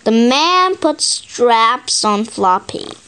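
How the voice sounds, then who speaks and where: A woman slowly and expressively reading a children's picture book aloud. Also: on the high side, a little hiss or hum. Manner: slow, expressive, sing-song. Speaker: storybook reader.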